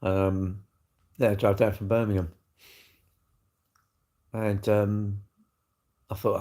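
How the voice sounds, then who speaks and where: A man's voice: fairly low pitch, level tone, takes it slowly, pauses often, mellow. An older man, hosting a casual livestream and chatting bluntly and jokily as he answers viewers' comments. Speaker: livestream host. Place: indoors, seated.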